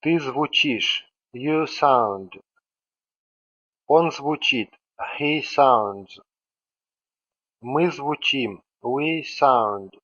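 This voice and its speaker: A man's voice: mid-range voice, lively intonation, very slow, long pauses, a bit bright, muffled recording. A man teaching a grammar lesson, methodically saying each form and then its translation. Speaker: language teacher. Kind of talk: slow instructional explanation.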